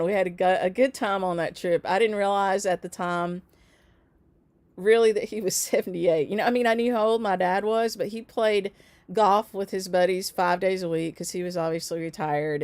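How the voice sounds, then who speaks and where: A woman's voice: fairly low pitch, darkish tone, no room sound. A middle-aged woman, hosting a stitchery shop livestream in a chatty, rambling way and laughing often. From United States. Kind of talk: casual chat.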